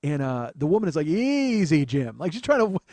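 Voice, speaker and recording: A man's voice: on the high side, big pitch swings, very fast, a little mellow, dry recording. A male comedian hosting a podcast, telling a profane story into a studio microphone. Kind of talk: storytelling monologue.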